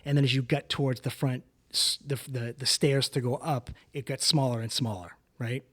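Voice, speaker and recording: A man co-hosting a podcast, telling a story in a casual, rambling way and swearing freely. He jumps up in pitch to act out other people's lines. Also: steady tone, moderate pace, a bit bright. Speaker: podcast co-host.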